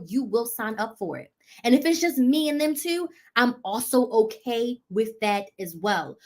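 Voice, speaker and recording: A woman business coach, pitching her program and coaching on a live stream with emphatic, repeated rhetorical questions.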